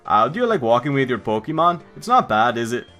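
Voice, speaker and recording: A fussy, bumbling Pokemon professor speaks in a clumsy fake Swedish accent, put on by a man. He tacks "yeah" onto his lines. The voice is bright and sharp, with faint music underneath. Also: medium pitch, very animated. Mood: chatty. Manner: deliberately poor mock-Swedish accent, tags lines with "yeah". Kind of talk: let's play character voice.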